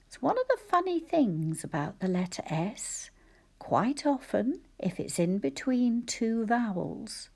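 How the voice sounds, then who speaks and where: A woman teacher with a husky, gravelly voice dictates spelling sentences at a very slow pace. She breaks words into sounds and syllables, often dropping to a whisper. Her pitch sits low but moves a lot. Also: sing-song, darkish tone. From Scotland.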